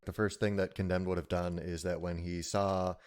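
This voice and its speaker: A man's voice: low voice, flat delivery, moderate pace, darkish tone. A man playing a tabletop game, with dry, wry remarks. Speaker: player. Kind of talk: casual tabletop play.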